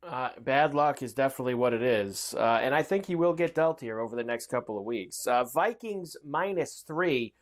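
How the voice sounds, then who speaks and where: A man's voice: medium pitch, animated, normal speed, few pauses. A man hosting a sports betting show, reading trade news and odds in an upbeat way with frequent fillers.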